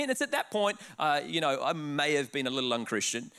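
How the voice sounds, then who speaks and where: Man, Australian accent, pastor, high voice, comic sermon storytelling. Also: brisk, clean tone. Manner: animated, comic, self-mocking storyteller.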